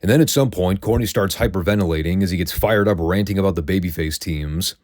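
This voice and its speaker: A man's voice: low-pitched, fast talker, darkish tone, no room sound, clean studio sound. A man hosting a casual solo recap show, telling the story in a chatty, wry, opinionated way. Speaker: wrestling recap host.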